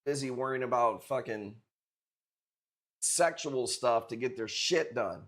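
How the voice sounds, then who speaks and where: A man's voice: medium pitch, unhurried, a bit bright. A man streaming live, chatting casually with viewers and joking in a brash, profane way.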